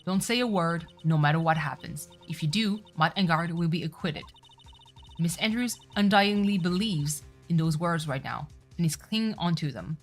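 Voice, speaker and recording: Low-voiced woman reading game dialogue. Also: normal speed. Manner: reads every character aloud with swearing asides. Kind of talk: voicing a game's script, reading all parts. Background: faint music.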